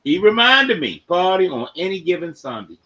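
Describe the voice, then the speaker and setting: A man hosting a casual sports podcast, running through football results and giving shout-outs to listeners by name. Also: high voice, sing-song, normal speed, muffled recording. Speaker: podcast host.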